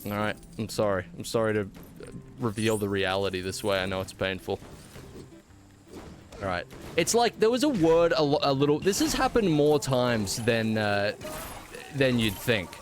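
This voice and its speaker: A man's voice: lowish voice, very animated, moderate pace, pauses often, faint music behind. Australian man bantering with his stream chat. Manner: playful, mock-indignant banter with chat. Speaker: game streamer. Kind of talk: casual live-stream chat while gaming.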